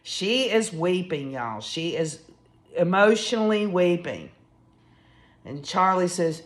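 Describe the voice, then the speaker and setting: A woman's voice: lowish voice, lively intonation, a little slow. Emphatic woman talking true crime. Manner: emphatic, addresses listeners as y'all. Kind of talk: casual true crime commentary.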